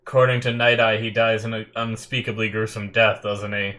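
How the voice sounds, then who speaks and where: A man thinks out loud as he watches an anime episode, with sudden exclamations and teary, emotional moments. His voice is bright and a little tense, and he talks at an unhurried pace, close to a desk mic. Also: lowish voice. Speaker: anime reaction host. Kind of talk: live reaction commentary.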